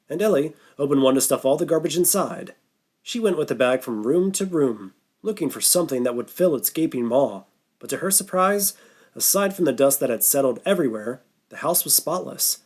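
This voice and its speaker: A man narrating a horror novel audiobook in a steady, measured voice. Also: medium pitch. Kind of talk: scripted narration.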